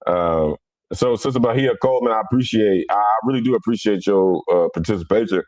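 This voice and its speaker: A middle-aged man from Cincinnati, hosting a casual livestream. His talk is blunt, animated and rough around the edges. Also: on the low side, brisk, dry recording. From Cincinnati, USA. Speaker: livestream host.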